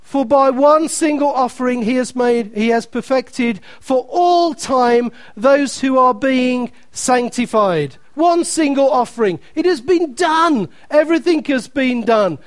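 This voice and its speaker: A man's voice: very high-pitched, a little slow, few pauses, no echo. A man preaching a sermon, emphatic and repeating key phrases, reading scripture aloud with playful asides to the congregation.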